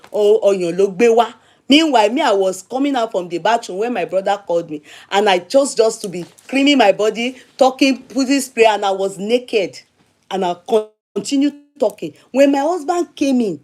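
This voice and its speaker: A woman with a Nigerian accent, hosting a show and telling a long personal story in a casual, chatty, animated way, repeating herself for emphasis. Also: fairly high pitch, moderate pace. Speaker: show host.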